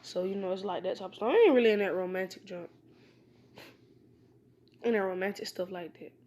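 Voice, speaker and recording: A woman's voice: mid-range voice, brisk, darkish tone, a little hiss or hum. A woman casually telling a fan story, rambling and informal, with many fillers and restarts. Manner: informal, slangy.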